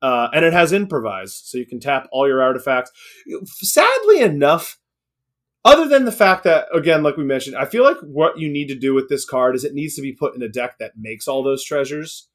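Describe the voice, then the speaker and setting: A young man co-hosts a card game podcast, chatting casually at a normal speed in a very animated voice on the high side. He rambles and offers strong opinions, with frequent restarts and laughs.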